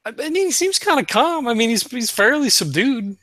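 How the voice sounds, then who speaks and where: A man's voice: very high-pitched, sing-song, a little fast, sharp tone, dry recording. A man playing a tabletop game, talking in a hesitant, stammering way. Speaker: player. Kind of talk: tabletop game play, casual chat.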